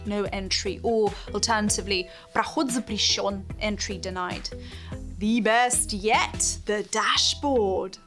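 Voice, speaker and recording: A woman narrates a scripted countdown in a playful, wry tone. Her voice sits on the higher side and she takes her time over each point. Soft music plays faintly underneath. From Russia. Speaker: host.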